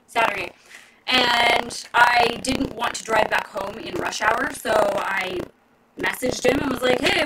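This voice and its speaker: A high-voiced young woman rambles in a slow, easy way to her live-stream audience, laughing often. She sounds set back from the mic in a room at home, and a steady background noise runs under her voice. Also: far from the mic. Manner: giggly, rambling, chatty. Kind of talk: casual live-stream chat.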